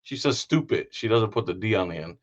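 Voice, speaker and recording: With the highs cut off, this lowish male voice moves at a quick pace. He's casually signing off a live stream, rambling, joking, and filling gaps with lots of fillers.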